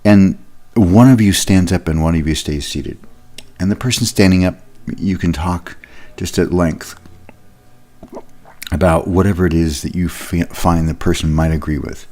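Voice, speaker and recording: Male trainer with a very deep voice, explaining things casually. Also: normal speed, dark tone. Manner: conversational, explanatory, with fillers. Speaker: leadership trainer. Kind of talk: recorded leadership lesson.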